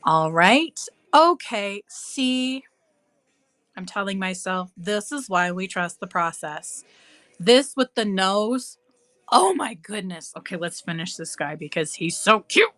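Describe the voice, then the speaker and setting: A woman's voice: medium pitch, big pitch swings, takes it slowly, fairly bright tone, no room sound. A woman chatting casually on a live craft stream, cooing and squealing with delight as she works. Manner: bubbly, coos and squeals over her craft.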